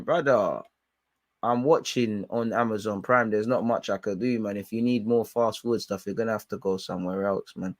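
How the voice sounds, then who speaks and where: A young man streaming a football watchalong, shouting at players and slipping into slang as he grows frustrated. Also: lowish voice, moderate pace, no room sound, clean studio sound. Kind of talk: live match reaction commentary.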